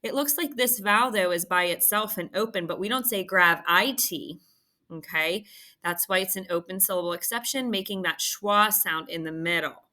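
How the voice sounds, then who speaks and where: A woman's voice: mid-range voice, a little fast, sharp tone. A woman teacher patiently walking through a phonics lesson, often checking in with "okay". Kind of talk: recorded phonics lesson walkthrough.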